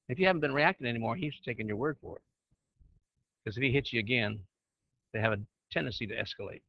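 A man's voice: mid-range voice, fast, pauses often, lo-fi sound. A man teaching church leaders in a conversational preaching style, often asking his listeners questions. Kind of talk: sermon-style teaching with slides.

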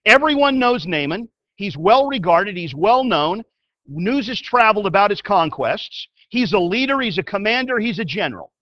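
A man preaching a sermon as a pastor. He tells the story in an animated way and swings from loud to hushed. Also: sits high, moderate pace, no echo, highs cut off.

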